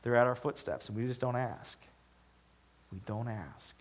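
A man preaching a sermon as a pastor, talking in a conversational way and building to animated, emphatic stretches. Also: medium pitch, unhurried, slight background noise.

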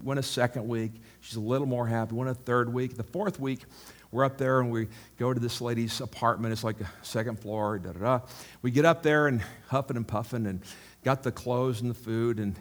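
A male pastor preaching in a loose, conversational storytelling style, rambling through anecdotes and checking in with his listeners. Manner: bursts louder on punchlines, drops low on asides.

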